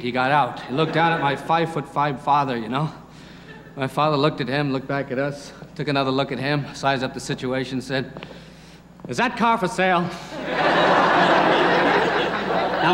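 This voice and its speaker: A man's voice: a little high, fairly bright tone. Guy doing stand-up on a tv stage, storytelling, faint noise, echoey. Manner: chatty, storytelling, many asides. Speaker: stand-up comedian. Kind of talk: stand-up comedy monologue. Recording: roomy hall with faint noise.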